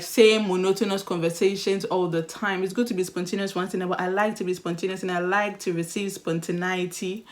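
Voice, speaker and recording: A young woman talks straight to the camera in a relaxed, chatty way, giving dating advice. She is animated and expressive and slips into playful mock voices. Her pitch sits in the middle of the usual range for a woman. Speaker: vlogger. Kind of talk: casual advice vlog.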